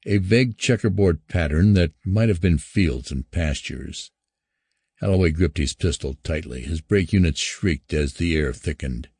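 A man narrating a science fiction story in a measured, even way. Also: deep voice, husky, no room sound, studio quality.

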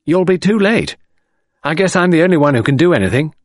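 A man's voice: on the high side, expressive, brisk, no echo, clean studio sound, pitched above the performer's own voice. A man voicing a bold young female acrobat with brash, confident retorts. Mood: cocky.

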